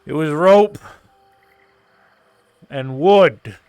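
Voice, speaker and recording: Male actor as a slow, meandering craftsman in a put-on British accent, voice a touch high, full of hesitations. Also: darkish tone, smooth, no echo. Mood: musing. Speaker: role-play character. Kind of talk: live-streamed role-play.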